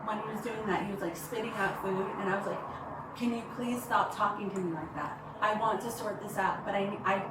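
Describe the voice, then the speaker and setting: A woman recounting an incident to police, halting and rambling with many fillers. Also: medium pitch, steady tone. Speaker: complainant reporting to police. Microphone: body-worn camera. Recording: echoey, distant, noisy bodycam audio.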